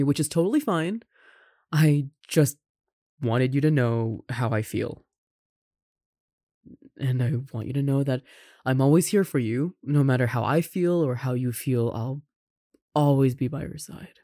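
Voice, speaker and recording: Casting: a performer playing a tender, caring roommate confessing love, unhurried delivery, dry close sound. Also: mid-range voice, no room sound, natural voice. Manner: soft, tender, with gentle laughs and sighs. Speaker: audio roleplay performer. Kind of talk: romantic audio roleplay addressed to the listener.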